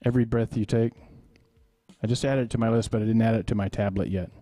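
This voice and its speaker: A man's voice: fairly low pitch, fairly even intonation, fast talker, mellow, no room sound, faint music behind. A man from Texas with a Texas accent, a musician hosting a live webcast who rambles and thinks aloud while he sets up. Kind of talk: casual live-stream chat. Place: home studio.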